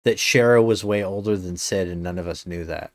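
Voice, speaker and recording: A man's voice: low voice, a little fast, dry recording. A male game streamer chatting casually on a live stream, rambling with many fillers and slipping in dry jokes.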